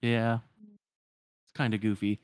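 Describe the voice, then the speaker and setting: A man's voice: on the low side, flat delivery, a little slow, clean tone. A man casually retelling a story as a podcast host, with lots of filler words.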